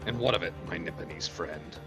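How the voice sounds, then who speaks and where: A man's voice: sits low, brisk, vocal fry, voice pushed down. A man voicing a haughty aristocratic prosecutor in a lofty, sneering courtroom manner, over game music.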